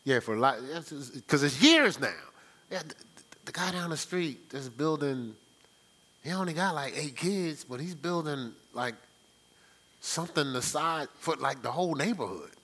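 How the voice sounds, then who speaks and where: A preacher playing a scoffing neighbor. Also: male voice, on the high side, animated, moderate pace, bright, forceful tone. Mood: mocking. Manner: gossipy, derisive, casual street talk. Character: scoffing male neighbor mocking an ark builder.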